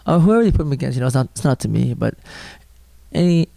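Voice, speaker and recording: A man's voice: medium pitch, animated, fast talker, creaky, dark tone, dry recording. A young man, a fighter, answering interview questions in a rambling, filler-heavy way at a gym. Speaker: mixed martial arts fighter.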